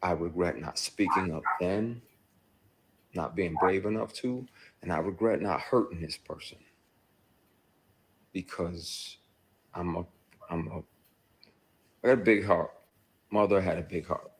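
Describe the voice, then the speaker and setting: A very low-voiced man speaking in a candid personal monologue. He tells his story bluntly and rawly, cursing freely, dropping to quiet brooding and then rising into loud bursts. A faint hiss of noise sits under his voice. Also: unhurried, pauses often. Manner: shifts between quiet brooding and loud outbursts. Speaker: actor recounting his experience.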